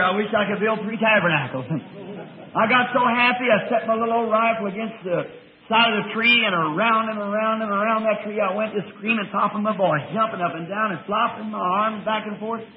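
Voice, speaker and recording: A man preaching a folksy storytelling sermon, with a rustic drawl that breaks into excited bursts of praise. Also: high-pitched. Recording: old tinny lo-fi tape with faint hiss.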